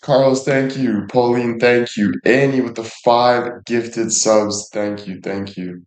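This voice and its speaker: A man's voice: medium pitch, fairly even intonation, slow pace. A man streaming live and chatting casually, joking around, cursing freely and thanking viewers by name. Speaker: livestreamer. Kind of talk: casual livestream chat. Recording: echoey room.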